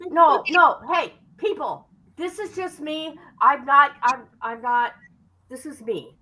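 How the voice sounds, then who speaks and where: A woman's voice: high-pitched, expressive, slow pace, sharp tone, low-quality recording. A woman hosting a livestream, boisterous and laughing as she chats with a guest. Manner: boisterous, laughing, know-it-all banter. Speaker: livestream host. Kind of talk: casual livestream chat.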